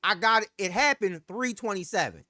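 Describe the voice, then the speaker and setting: A woman's voice: medium pitch, expressive, moderate pace, sharp tone, dry recording, clean studio sound. A woman telling a heated, profane story about a bad purchase, in casual storytime style. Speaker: streamer telling a personal story.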